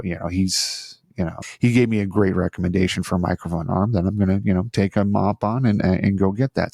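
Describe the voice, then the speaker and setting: A man's voice: low-pitched, vocal fry, a little mellow, slightly rough, no echo, studio quality. A middle-aged man hosting a solo podcast, chatty and self-deprecating, rambling with frequent restarts. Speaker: podcast host. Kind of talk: casual solo podcast talk. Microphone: studio microphone on an arm.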